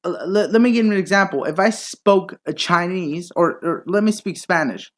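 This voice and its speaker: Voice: medium pitch, moderate pace. A young adult commentator talking back to video clips in a mocking, sarcastic way, often swearing and interrupting. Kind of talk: reaction commentary.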